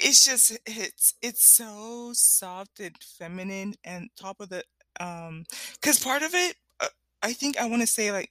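A woman vlogger chatting casually, animated and rambling with frequent laughs. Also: mid-range voice, dry recording. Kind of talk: casual chat.

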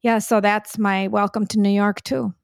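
Chatty mother with a gravelly voice. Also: medium pitch, normal speed, no echo, clean studio sound. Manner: chatty storyteller, animated retelling. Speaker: podcast co-host, mother. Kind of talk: casual family podcast chat. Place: New York City.

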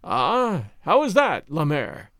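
A man voicing a hardened, rough soldier guarding a city gate, blustering and gruff. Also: fairly high pitch, huge pitch swings, takes it slowly, fairly bright tone, dry recording, studio quality, exaggerated voice. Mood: curious.

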